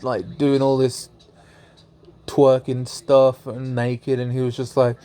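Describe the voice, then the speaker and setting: Slow-talking young man laughing through a story. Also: mid-range voice, completely flat delivery, mellow, smooth. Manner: laughs often, swears freely. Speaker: vlogger. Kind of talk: casual storytelling.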